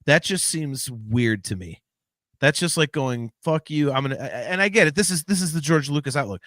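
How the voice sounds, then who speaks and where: A man hosting a podcast in casual chat, rambling with many restarts and lively swings in delivery. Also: medium pitch, brisk, dry recording, studio quality. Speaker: podcast host.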